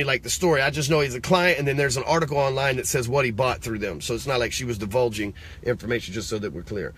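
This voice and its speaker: Man, business coach, casual rant, profane, rhetorical questions, bright tense tone. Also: medium pitch, husky. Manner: blunt and profane, talks straight to the viewer. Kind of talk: casual motivational rant to camera.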